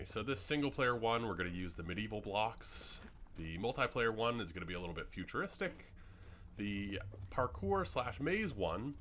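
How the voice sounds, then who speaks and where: Chatty, lively young-sounding man narrating gameplay. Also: lowish voice, slight background noise. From Canada. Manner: rambling, chatty, lots of fillers and trailing asides. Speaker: gaming channel host. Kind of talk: casual gameplay commentary.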